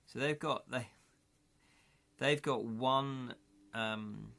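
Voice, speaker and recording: Bright, slow-talking male streamer. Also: mid-range voice, gravelly. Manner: chatty, thinks aloud, corrects himself while counting dice rolls. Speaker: streamer playing a gamebook. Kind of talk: casual live-stream chat.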